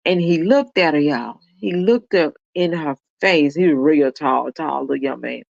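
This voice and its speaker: A woman's voice: low voice, moderate pace, vocal fry, darkish tone, dry recording, highs cut off. A woman commentator telling a story in a casual way, speaking straight to her viewers. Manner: talks straight to viewers, calling them y'all. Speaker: commentator reacting to a video.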